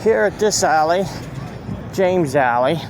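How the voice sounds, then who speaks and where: Central pennsylvania guy walking around town talking slow into his phone, kinda high voice, rambles and restarts, faint traffic behind. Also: lively intonation. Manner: rambling, restarts often, points things out as he walks. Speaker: local walking-tour vlogger. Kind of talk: casual walking narration. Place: outdoors on a town street with passing cars. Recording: faint street noise outdoors. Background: traffic and street noise.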